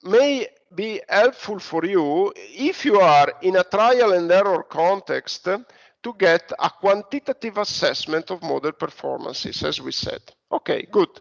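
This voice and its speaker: A man with an Italian accent lectures slowly, pausing on fillers and restarting his sentences. His voice is fairly high for a man and gravelly. The recording sounds dull and lo-fi. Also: lively intonation. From Italy. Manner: hesitant, many fillers and restarts. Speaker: university lecturer. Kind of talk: online lecture.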